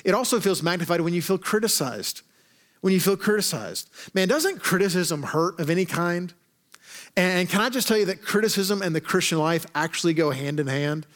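A man's voice: fairly high pitch, a bit bright. A man pastor preaching a sermon in a conversational style, with joking asides to the congregation. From Arkansas.

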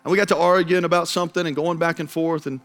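A man's voice: on the high side, fairly even intonation, fast, fairly bright tone, faint music behind. A young man preaching a sermon, telling a personal story and building to impassioned appeals. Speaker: pastor.

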